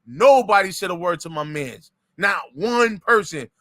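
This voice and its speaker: A man's voice: sits high, lively intonation, a little slow, fairly bright tone, no room sound, studio quality. A man co-hosting a boxing podcast, telling a story with animation and acting out the quotes. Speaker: podcast co-host. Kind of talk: casual boxing chat.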